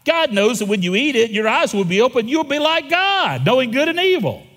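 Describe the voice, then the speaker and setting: A man's voice: very high voice, sing-song, a little fast, a bit bright, in a large hall, pitched above the performer's own voice, exaggerated voice. A man voicing a cunning male serpent tempter, coaxing and persuasive, with a West Texas accent.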